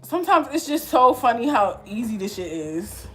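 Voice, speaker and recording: A young woman in her twenties chats with her viewers, her higher voice leaping up and down as she tells a story. She is blunt and slangy and laughs often. Faint music plays under her talk. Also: sing-song, moderate pace. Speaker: vlogger. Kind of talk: casual chat.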